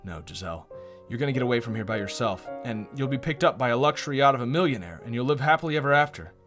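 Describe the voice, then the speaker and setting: A man voicing a frail, gentle young woman who is ill, speaking softly and tenderly. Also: mid-range voice, expressive, fast talker, over music, natural voice.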